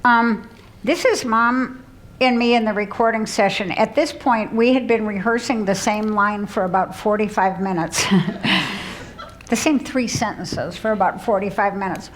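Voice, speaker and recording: A woman's voice: mid-range voice, normal speed, a little hiss or hum, poor audio. A woman in her sixties, from the Midwest, telling self-deprecating stories in a humorous luncheon speech. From Midland, Michigan, US. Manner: warm self-deprecating storytelling with laughs. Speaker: keynote speaker. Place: luncheon hall.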